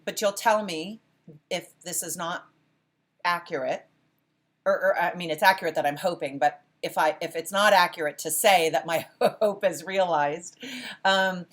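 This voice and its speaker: A woman instructor leading a class, encouraging her students and often praising and restarting her sentences. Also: fairly low pitch. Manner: self-correcting restarts. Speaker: college philosophy instructor. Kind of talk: interactive class lecture.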